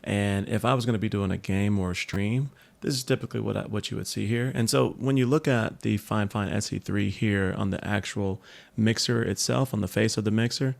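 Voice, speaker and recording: A man with a lowish, gravelly voice walks through a tech product in a casual review. He talks in a relaxed way, with plenty of ums and little asides. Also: brisk.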